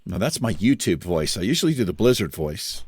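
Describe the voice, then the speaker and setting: A laid-back man with a low voice hosts a video game playthrough, talking to his viewers as he plays. His delivery is loose and lively, with lots of rise and fall. He swears casually and chuckles along the way. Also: fairly quick, breathy edge. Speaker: host. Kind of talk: casual gameplay commentary.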